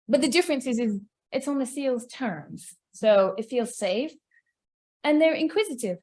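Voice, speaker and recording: A woman giving a conference talk, chatty and animated, laughing often. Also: a little high, moderate pace. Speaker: conference presenter.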